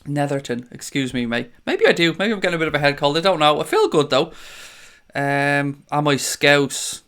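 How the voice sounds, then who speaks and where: A man's voice: on the high side, normal speed, a bit bright, clear, resonant tone. A young Irish man hosting a live fan stream, chatting casually, blunt and sweary, reading out viewers' comments. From Ireland. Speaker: fan channel host reading live chat.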